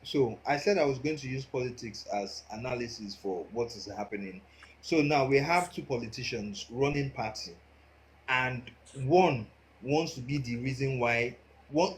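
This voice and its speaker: Man, mid pitch, measured explainer, faint background noise. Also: low-quality recording. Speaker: live stream participant. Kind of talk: casual live chat.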